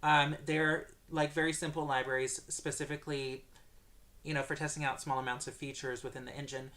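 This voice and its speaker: A man's voice: fairly high pitch, level tone, brisk, bright, forceful tone. Hesitant man answering stream questions. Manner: hesitant, many filler sounds. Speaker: developer answering viewer questions. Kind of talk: livestream Q&A.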